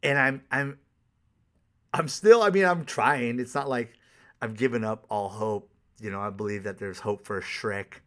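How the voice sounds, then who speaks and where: A man's voice: medium pitch, normal speed, a bit bright. A man who works as a life coach, giving a candid, profane, conversational solo monologue on a podcast.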